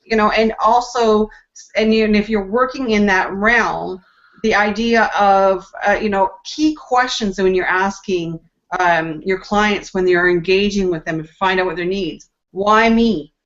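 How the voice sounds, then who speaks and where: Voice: medium pitch, steady tone, a little slow, a bit bright. A woman on a panel, casually explaining her point with lots of examples. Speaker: discussion panelist. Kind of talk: casual group discussion. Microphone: video call. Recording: dull lo-fi video call audio.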